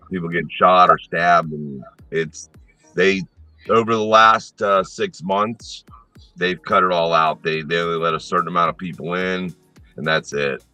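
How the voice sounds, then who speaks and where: A man chatting as a guest, explaining things in a relaxed way with small hesitations. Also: deep voice, no room sound. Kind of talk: casual chat.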